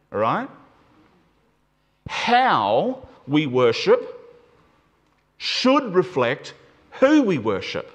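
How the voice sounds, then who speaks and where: A male preacher delivers a sermon to his church with animated emphasis, shifting his pitch and alternately slowing down and speeding up to drive his points home.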